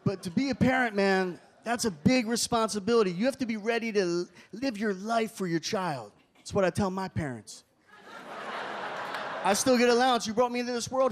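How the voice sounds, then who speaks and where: A man performing a stand-up comedy set on a club stage, animated and shouting some lines. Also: high-pitched, fast. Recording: club crowd laughter and room noise.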